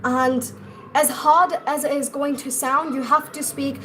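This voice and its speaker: A woman's voice: sits high, steady tone, unhurried, pushed and bright, slight background noise, rough recording. A young woman with an Indian English accent, teaching pronunciation in a chatty live-stream lesson and talking straight to her viewers. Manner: chatty, repeats and restarts, addresses viewers directly.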